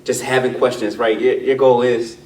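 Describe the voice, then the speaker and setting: A man co-hosting a casual discussion, talking in an animated, slangy way. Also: medium pitch, moderate pace. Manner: animated, slangy, says "yo" and "bro". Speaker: podcast co-host. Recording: roomy, distant mic with faint noise.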